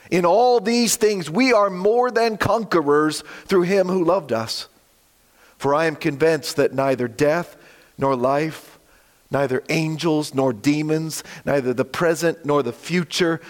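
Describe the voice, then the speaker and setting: A man preaching a sermon with a slightly croaky voice, earnest and emphatic, slowing for dramatic drops. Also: a little high. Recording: long hall reverb.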